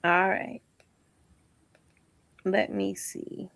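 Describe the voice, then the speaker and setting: Woman w/ a gravelly voice, dry sound, blunt answers on a dating show. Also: mid-range voice, drawn-out words, a bit bright, dry recording. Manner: blunt, frank. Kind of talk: casual chat.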